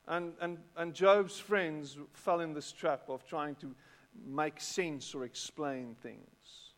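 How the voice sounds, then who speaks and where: Speaking slowly with few pauses, this South African pastor has a fairly bright, somewhat high voice. He preaches to the congregation conversationally and repeats words often, and the long reverb of the church hall makes the audio echoey.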